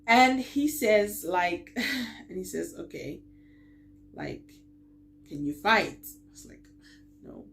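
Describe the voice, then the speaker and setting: A woman's voice: mid-range voice, very animated, slow pace, pauses often. A young woman vlogger telling a personal story, acting out the quoted lines and laughing as she goes. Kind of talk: storytime vlog.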